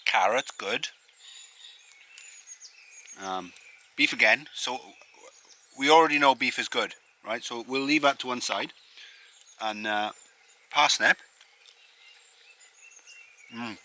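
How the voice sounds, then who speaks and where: A man's voice: medium pitch, slow pace, pauses often, pushed and bright. A man from the United Kingdom vlogging casually outdoors at a campsite, chatty and rambling with plenty of fillers. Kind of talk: casual camping vlog to camera.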